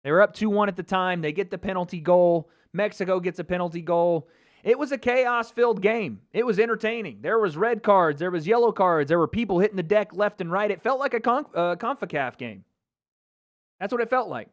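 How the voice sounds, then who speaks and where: An American man giving an excitable live reaction to a football match as a YouTube host, swearing and breaking into shouts. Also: high-pitched, fairly quick, dull audio. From United States.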